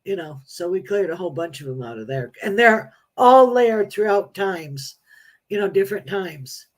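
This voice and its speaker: A woman appearing as a psychic medium guest on a casual talk show, speaking in a halting, matter-of-fact way. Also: on the low side, expressive.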